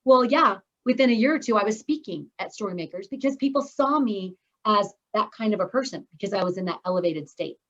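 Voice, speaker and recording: A woman's voice: mid-range voice, lively intonation, a little fast, hardly any pauses, a bit bright. A middle-aged woman coaches a speaking course in an upbeat, encouraging voice. She talks straight to her students as she teaches. Her voice comes through a video call with slightly dull, lo-fi sound.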